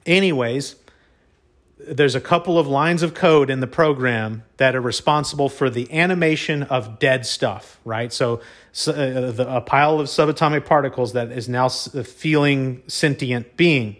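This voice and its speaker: A man telling a personal story in a casual monologue, excitable, often stumbling and repeating his words, peppered with "y'all" and mild cussing. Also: mid-range voice, normal speed.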